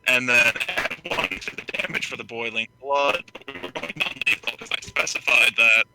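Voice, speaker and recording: A man's voice: medium pitch, normal speed. A man playing a tabletop game, thinking aloud while he tallies his rolls. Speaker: player. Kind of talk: casual chat. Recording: loud background noise.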